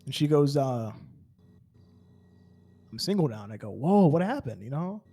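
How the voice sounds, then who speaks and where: With a mellow, mid-range voice at a moderate pace, a very animated man tells an in-character story while roleplaying on a game server. It's casual chat that rambles, crowded with fillers and stammered restarts.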